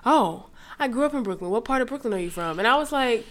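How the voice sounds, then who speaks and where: A young woman from the New York area telling a story in casual chat, animated and profane, acting out the people she quotes. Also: a little high, quick pace.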